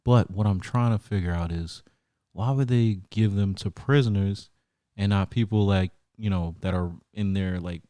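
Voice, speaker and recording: A man's voice: fairly low pitch, mellow, no room sound. A man co-hosting a casual podcast, playful and pushing back with questions. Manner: playful, quick to laugh, pushes back with questions. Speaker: podcast co-host.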